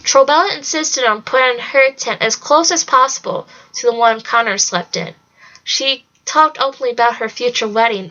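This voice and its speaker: A woman reads a storybook aloud in a bright, fairly high voice with a sharp edge, keeping an even, steady pace. The lo-fi home recording is slightly dull. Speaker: reader. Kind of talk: storybook read-along narration.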